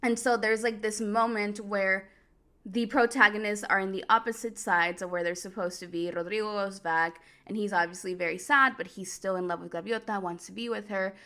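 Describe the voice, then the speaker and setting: Chatty woman with a gravelly edge. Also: mid-range voice, normal speed. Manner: chatty, animated, lots of "like", laughs easily. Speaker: host. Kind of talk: casual chat recap.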